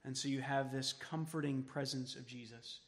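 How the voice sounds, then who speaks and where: A man preaching a sermon as pastor, emphatic, then dropping to soft tones for quoted words of comfort. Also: medium pitch, fairly even intonation, moderate pace, big-room sound. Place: church sanctuary.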